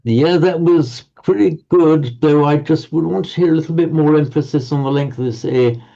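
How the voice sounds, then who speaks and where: A man's voice: a little high, normal speed, creaky, warm tone. A man teaching Pali pronunciation to a group class, patiently correcting students and often repeating words while he searches for the next one. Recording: dull lo-fi audio.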